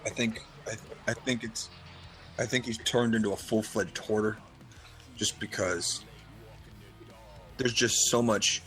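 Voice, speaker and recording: A man's voice: on the low side, steady tone, a little slow, long pauses, a bit bright. Male podcast co-host, casual storyteller, acts out dialogue, faint music underneath. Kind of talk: casual chat.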